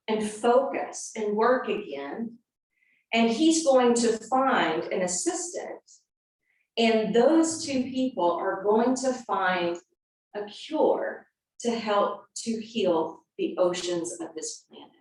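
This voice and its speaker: A woman's voice: fairly high pitch, distant mic. Yoga teacher woman in an echoey room. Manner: earnest and animated, acting out quotes. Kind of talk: storytelling and guided yoga instruction.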